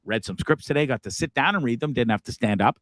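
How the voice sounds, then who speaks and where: A man hosting a casual live show from his bus, rambling from one thing to the next. He swears freely and laughs at himself, and his pitch jumps around a lot. The sound is close and dry. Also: lively intonation, fast talker, a bit bright, dry recording. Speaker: host. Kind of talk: casual livestream chat.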